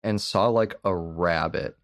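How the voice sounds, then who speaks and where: A man's voice: sits low, unhurried, no echo, studio quality. A man co-hosting a podcast, rambling casually about a film with frequent laughs and casual cursing. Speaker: podcast co-host.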